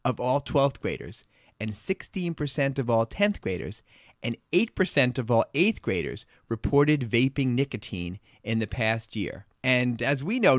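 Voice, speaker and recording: A man with a Long Island accent talks through teen health news as a pediatric co-host. He is blunt and opinionated. His voice sits in a middle pitch, and the recording is dry and close with almost no room sound. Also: big pitch swings, unhurried, dry recording. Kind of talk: casual health talk.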